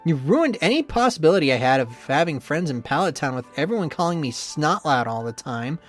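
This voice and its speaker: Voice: medium pitch, big pitch swings, brisk, soft background music, natural voice. A reader doing a sneering, bitter young rival man. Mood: angry. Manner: sneering, swears often. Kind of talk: visual novel voice acting.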